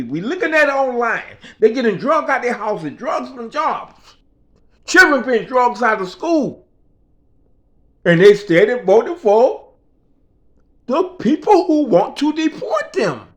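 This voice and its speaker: A man telling a story in a casual rant, emphatic and profane, in street vernacular. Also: very high-pitched. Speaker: vlogger.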